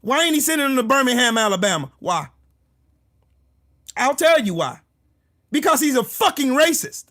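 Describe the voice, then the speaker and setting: A man hosting his own channel, delivering a heated, profane political rant that bursts into shouting. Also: extremely high pitch, sing-song, normal speed, pauses often. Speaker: political commentary channel host.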